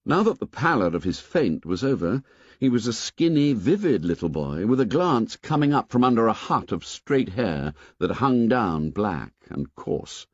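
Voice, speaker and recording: A man narrating an audiobook in a lively, expressive storytelling manner. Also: on the low side, normal speed, husky, no echo, dull audio. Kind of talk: scripted narration.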